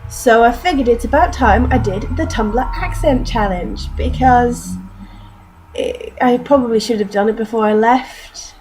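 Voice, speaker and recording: A woman's voice: a little high, unhurried, darkish tone, faint music behind, low-quality recording. A young woman from North Yorkshire with a mixed British accent, mostly southern English with traces of northern English and Canadian, chatting in a casual vlog and reading words aloud, self-mocking and fond of mild swearing. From North Yorkshire, England. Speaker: vlogger.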